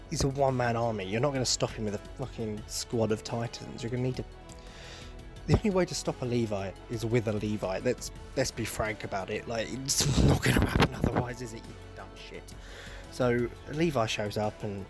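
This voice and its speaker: Male podcast host, casual sarcastic rant, swears freely, faint music under. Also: medium pitch. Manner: sarcastic, profane, exasperated.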